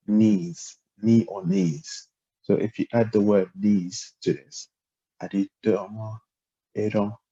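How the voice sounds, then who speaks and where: Male language tutor, husky low voice, patient and halting, recorded without a proper mic. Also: warm tone, lo-fi sound. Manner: hesitant, lots of ums, spells out syllables and tones. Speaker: language teacher. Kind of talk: relaxed explanatory lesson.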